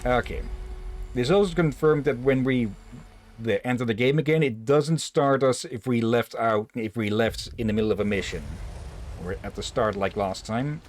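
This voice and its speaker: A man's voice: medium pitch, moderate pace, a little hiss or hum. A man casually chatting with friends while streaming a game, reading its text aloud and swearing now and then. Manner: rambling, swears casually, many fillers.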